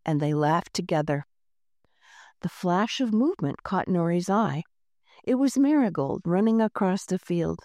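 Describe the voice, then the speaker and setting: A woman narrating a children's storybook in a gentle, unhurried reading voice, lightly voicing the characters. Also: on the low side, animated, dry recording, studio quality. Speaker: audiobook narrator.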